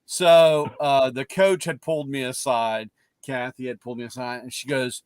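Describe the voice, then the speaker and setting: A man's voice: medium pitch, steady tone, normal speed, smooth, no room sound. A middle-aged man hosting a casual car-talk chat, telling rambling stories and acting out what others said. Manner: rambling storyteller, acts out quotes loudly. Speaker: podcast host.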